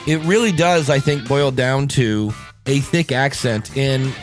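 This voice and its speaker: A man's voice: medium pitch, a little slow, faint music behind. A man from Ohio with a Midwestern American accent, hosting a podcast and talking about accents in a chatty, informal way. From Ohio, USA. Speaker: podcast coach and host. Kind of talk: upbeat podcast talk.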